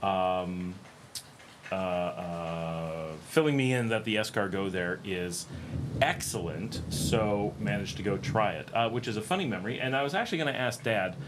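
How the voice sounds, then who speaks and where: Middle-aged man, livestream host, rambling casual chat, lowish voice, faint ambient noise. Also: expressive, normal speed. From United States. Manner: rambling, many ums and restarts.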